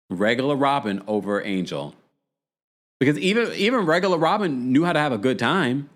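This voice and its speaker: A man's voice: mid-range voice, very animated, a little fast. A man hosting a reality TV recap show. He reads viewer comments aloud, laughs often and repeats words when he restarts a sentence. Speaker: podcast host. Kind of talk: reality TV recap with live chat.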